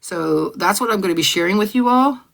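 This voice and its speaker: A woman hosting a casual live stream, reading out old text messages and often clearing her throat. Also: mid-range voice, animated, fairly quick, a bit bright. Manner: conversational, often clears throat, repeats herself. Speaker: livestream host.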